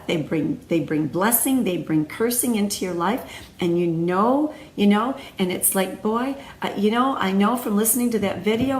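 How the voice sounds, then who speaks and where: A woman's voice: mid-range voice, a little hiss or hum. A woman hosting a faith-based video series, talking casually with many fillers and restarts. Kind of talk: casual spoken devotional talk. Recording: echoey room, faint ambience.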